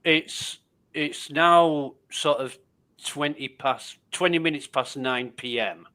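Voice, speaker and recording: A man's voice: fairly high pitch, slow, sharp tone. A man with an English accent chatting as a livestream guest over a video call, tired and dry, with plenty of swearing. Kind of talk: casual chat.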